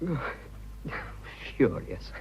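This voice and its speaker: A man's voice: very slow, a little hiss or hum, rough recording. An actor playing an earnest, flustered young businessman declaring his love, stammering in clipped upper-class British speech in a radio drama. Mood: tender.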